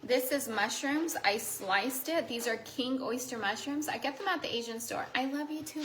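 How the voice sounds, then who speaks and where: Female livestream host, higher voice, bright and excitable, cooks and talks to fans in an echoey kitchen. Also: normal speed, hardly any pauses, a little hiss or hum. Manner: bubbly, greets and thanks viewers with sudden excited squeals. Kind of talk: casual livestream chat while cooking. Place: home kitchen.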